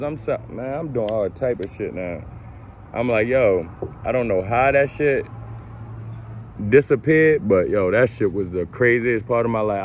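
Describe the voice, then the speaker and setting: Slangy, animated man telling a story. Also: fairly low pitch, a little hiss or hum. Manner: animated, profane, slangy, re-enacts his own lines. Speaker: storyteller vlogger. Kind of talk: casual storytime monologue.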